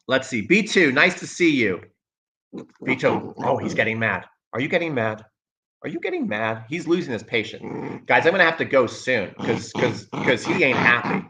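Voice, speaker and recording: A man coaching-host chatting casually on a livestream, reading out viewer comments. His voice is bright and forceful, mid-pitched, and he hammers his opinions home by repeating lines. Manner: emphatic, opinionated, repeats himself.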